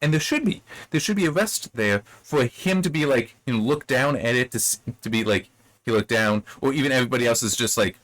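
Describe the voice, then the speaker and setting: A man giving a casual spoken critique of a book chapter, rambling with many restarts and sudden rises in pitch when he gets worked up. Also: animated, normal speed, a bit bright, no room sound. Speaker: book reviewer.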